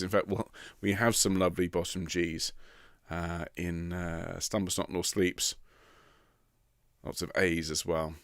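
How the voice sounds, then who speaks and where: A man's voice: low voice, little pitch movement, unhurried. A man leading a choir rehearsal online from home, greeting singers one by one with chatty teasing, his voice a little sandpapery. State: slightly rough, sandpapery voice. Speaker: choir director. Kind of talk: live online rehearsal chat. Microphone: computer mic on a video stream.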